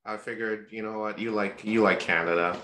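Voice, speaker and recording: A man's voice: on the low side, steady tone, a little fast, sharp tone, roomy sound. A man co-hosting a podcast, chatting and telling stories in a laid-back, joking way with plenty of swearing. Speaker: podcast co-host. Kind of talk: casual chat and storytelling.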